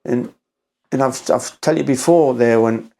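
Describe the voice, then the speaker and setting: A middle-aged man from North East England speaks as a podcast guest. He is emotional and near tears, stumbling and repeating himself. His delivery is rough and plain-spoken, with swearing. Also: mid-range voice, unhurried, darkish tone. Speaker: podcast guest, former doorman. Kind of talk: emotional storytelling.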